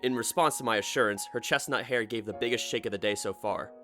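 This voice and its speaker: A male narrator reads a light novel aloud in a mid-range voice, with a dry, sardonic, measured delivery. Faint music plays softly behind the dramatic reading. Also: medium pitch. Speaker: audiobook narrator.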